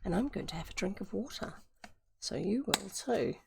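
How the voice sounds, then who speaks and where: A woman's voice: medium pitch, animated, normal speed, gravelly, noisy background. A woman with a New Zealand accent, reading a classic book aloud on a livestream, adding chatty asides and stopping to explain words. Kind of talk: live-streamed book reading.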